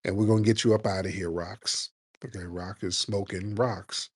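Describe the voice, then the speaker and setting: A man's voice: deep voice, moderate pace, husky, no echo, clean studio sound. Brash man hosting a call-in show. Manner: brash, mocking, animated. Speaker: radio show host. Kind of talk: live call-in comedy talk.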